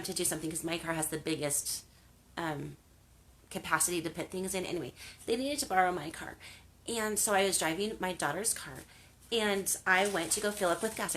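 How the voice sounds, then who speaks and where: A woman's voice: lowish voice, a bit bright. An older woman hosting a casual faith and lifestyle talk. She speaks earnestly, telling stories with many fillers and restarts. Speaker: host.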